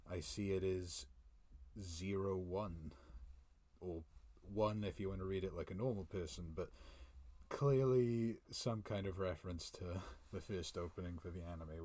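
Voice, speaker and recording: Man, very low voice, loose chatty reviewer who laughs a lot, home mic. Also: a little mellow. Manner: chatty, chuckles often, reads dialogue aloud. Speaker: manga reviewer. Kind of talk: casual live reaction. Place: room at home. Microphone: desk mic.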